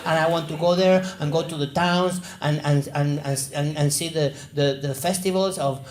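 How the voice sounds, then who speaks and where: A man's voice: on the high side, steady tone, normal speed, noisy background, lightly acted. A man voicing an overexcited male tourist who gushes. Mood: gushing. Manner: gushing, overexcited. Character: gushing foreign male tourist.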